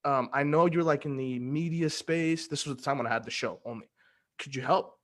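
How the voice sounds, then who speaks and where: A young man telling a story in casual conversation, slangy and animated, acting out what people said. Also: medium pitch, brisk. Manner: slangy, animated, acts out quoted dialogue. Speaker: guest giving a testimonial.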